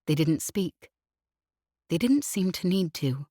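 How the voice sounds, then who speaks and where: Woman audiobook narrator, low voice, measured, dry close studio sound. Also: animated, warm tone, breathy edge, no room sound. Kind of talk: scripted narration.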